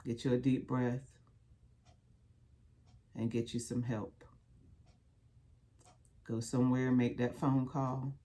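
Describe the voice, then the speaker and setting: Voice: mid-range voice, level tone, takes it slowly, long pauses, dark tone. A survivor talking straight to the camera in a heartfelt, colloquial way, with a preacher-like habit of repeating phrases. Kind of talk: heartfelt direct-to-camera talk.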